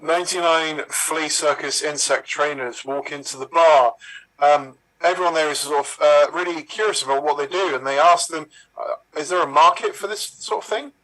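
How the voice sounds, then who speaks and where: A man's voice: a little high, normal speed, bright, forceful tone, rough recording. A man playing an improv pun game, building his jokes hesitantly with fillers. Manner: hesitant, filler-heavy setups. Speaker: improv player.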